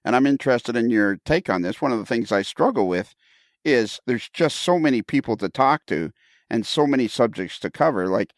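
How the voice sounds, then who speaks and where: A man hosting a casual podcast conversation, enthusiastic and quick to laugh, often repeating his words, heard on a close mic. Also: mid-range voice, expressive, no room sound. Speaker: podcast host.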